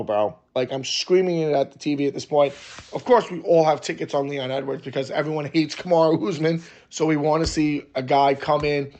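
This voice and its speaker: A man hosting a sports podcast, telling a story in a heated, excitable way and swearing constantly. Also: on the high side, fairly quick.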